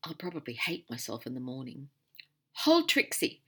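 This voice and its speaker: Woman doing theatrical young man, declaiming, high lively voice, bright, storybook. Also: moderate pace, breathy edge, heavily acted. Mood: wry. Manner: showy, declaiming.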